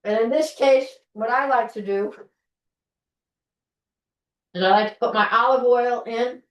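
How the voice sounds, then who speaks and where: A middle-aged woman with a fairly high voice speaks a little slowly as she hosts a live online cooking class from her kitchen. Her talk is folksy and chatty, full of restarted sentences as she works, captured by a far-off mic on a video call in a roomy room.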